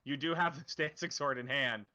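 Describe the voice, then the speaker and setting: A man with a mid-range, sharp-toned voice at moderate pace narrates as dungeon master of a tabletop game. He rambles while explaining the rules, correcting himself and laughing often.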